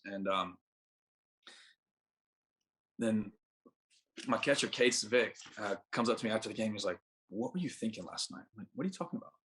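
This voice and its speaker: A young man in his twenties with a lowish, slightly bright voice is guesting on a podcast. The baseball pitcher tells a casual, meandering anecdote, leaning on fillers and voicing the dialogue himself.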